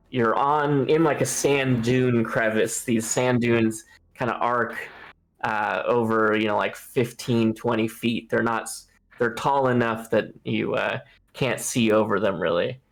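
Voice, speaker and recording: A man narrates a tabletop adventure as game master. His voice is gravelly and his delivery slow and halting, full of filler words. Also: mid-range voice. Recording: live stream mic.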